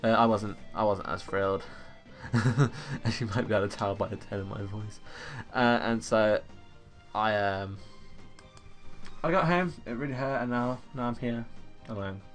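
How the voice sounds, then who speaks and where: At home in his room, a teenage boy who makes gaming videos chats and rambles through stories while commenting on an online game into a USB desktop microphone. His voice is on the low side at normal speed, with faint background music.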